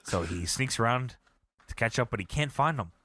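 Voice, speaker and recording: A man's voice: mid-range voice, normal speed, slightly rough, no room sound. A man co-hosting a podcast, telling a wrestling recap in a casual, profane, laughing way. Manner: animated, profane, laughing storyteller. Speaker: podcast co-host.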